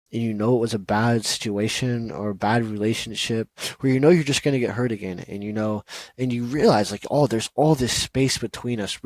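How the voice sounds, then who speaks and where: A man with a fairly low voice talks straight into a close microphone in a dry room. He hosts a solo podcast and speaks earnestly, looping back with "you know" and "okay?" as he urges listeners to value themselves. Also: darkish tone, dry recording, poor audio. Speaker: podcast host. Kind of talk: solo podcast monologue, heartfelt advice.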